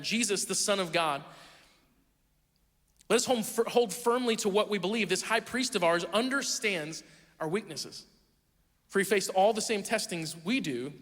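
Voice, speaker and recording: Animated high-voiced man preaching in a hall. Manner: animated, self-deprecating storyteller. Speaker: pastor. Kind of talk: sermon with storytelling. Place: church auditorium. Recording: long hall reverb.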